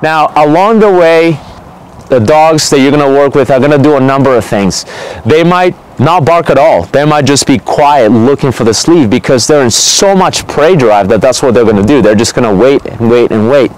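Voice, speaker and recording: A man, a dog trainer, explaining a technique in relaxed, conversational talk, often checking in with "okay?". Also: mid-range voice, moderate pace, rough recording. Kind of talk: casual instructional talk.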